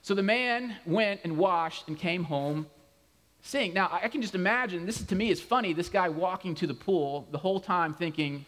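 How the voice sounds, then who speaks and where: A male pastor giving a conversational sermon, animated and full of humorous asides. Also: high voice, normal speed. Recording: long hall reverb.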